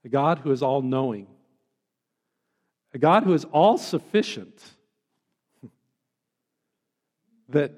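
A man's voice: medium pitch, darkish tone, big-room sound. A man preaching a sermon as a pastor, earnest and pleading, drawing out the words he stresses.

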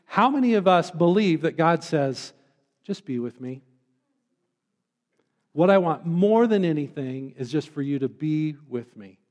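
A man's voice: on the high side, lively intonation, moderate pace, few pauses, a little mellow, in a large hall. A man preaching a sermon as a pastor, earnest and pleading, drawing out the words he stresses.

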